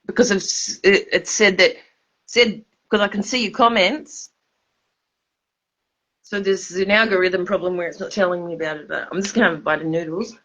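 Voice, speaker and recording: A woman's voice: on the low side, fairly even intonation, moderate pace, fairly bright tone, poor audio. A tipsy woman with an Australian accent rambling casually on a livestream, loose and repetitive, laughing mid-sentence. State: drunk, slurring.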